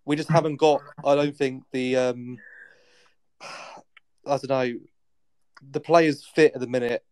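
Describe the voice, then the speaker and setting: A man co-hosting a casual football podcast, weighing up tactics in a thoughtful, halting way full of pauses. His pitch is mid-range. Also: fairly even intonation, a little mellow, clear, resonant tone, poor audio. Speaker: podcast co-host.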